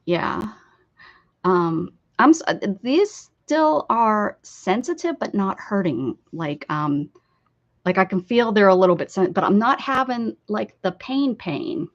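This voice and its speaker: Speaking slowly in a sing-song, mid-range voice, an American woman rambles and laughs on an art live stream while answering viewers' comments. The stream audio is lo-fi and a little dull.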